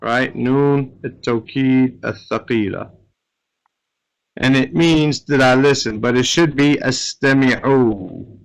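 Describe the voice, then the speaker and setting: A man's voice: mid-range voice, slow, vocal fry, rough recording. A man teaching an Arabic grammar lesson, explaining step by step and often checking with "right?".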